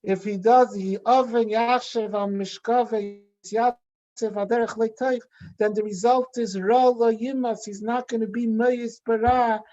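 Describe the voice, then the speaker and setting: Rabbi telling a lively parable. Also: male voice, extremely high pitch, measured pace, muffled recording. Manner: animated storytelling with restarts. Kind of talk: farbrengen storytelling talk.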